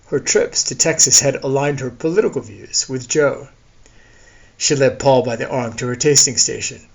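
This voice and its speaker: A man's voice: mid-range voice, normal speed, creaky, darkish tone, lo-fi sound. A man reading a novel aloud as narrator in a wry storytelling manner. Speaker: audiobook narrator. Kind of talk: scripted narration.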